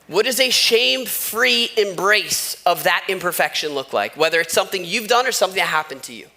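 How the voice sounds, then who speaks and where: A church pastor preaches a sermon in the sanctuary, speaking conversationally and weaving in stories with asides. His high voice sounds pushed and bright, picked up by a wireless microphone.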